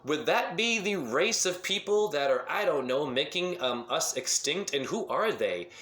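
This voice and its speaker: A man's voice: fairly high pitch, sing-song, measured pace, a bit bright, reverberant. A man giving a rambling monologue to camera as a self-styled spiritual teacher, firing off rhetorical questions and jumping between topics.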